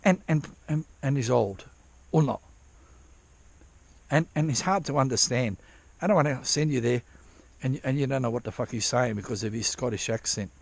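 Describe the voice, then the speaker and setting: A gravelly, medium-pitched voice at a moderate pace belongs to a man prospecting for gold outdoors in light rain while he vlogs. The delivery is casual and wandering, laced with swearing and frequent self-interruptions.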